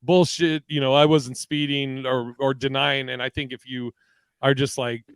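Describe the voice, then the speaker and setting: A man's voice: medium pitch, little pitch movement, moderate pace, smooth, no room sound, poor audio. A man co-hosting a podcast, a comedian chatting casually and acting out quotes in different voices as he tells stories. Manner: storytelling, acts out quotes in voices. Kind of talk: casual chat.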